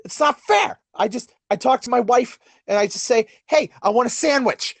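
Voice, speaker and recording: A man doing an impression of a gruff male comedian, ranting in a shouty, exasperated way. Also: very high-pitched, moderate pace, dry recording, voice pushed up, heavily acted.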